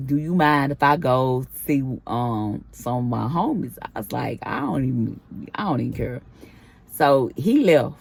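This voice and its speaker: A woman with a low voice chats through a personal storytime in a casual way. She acts out the quoted lines of each exchange as she goes. The sound is dry and close, with no room around it. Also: no echo. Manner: chatty retelling with acted-out quoted dialogue. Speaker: vlogger.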